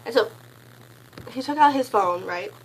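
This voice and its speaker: A woman's voice: measured pace, slight background noise, rough recording. Gushing teen girl rambling about a concert. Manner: gushing, rambling, heavy use of "like"; bursts into high excited squeals when quoting. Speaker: concert fan recounting a meet and greet. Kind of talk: casual storytelling vlog.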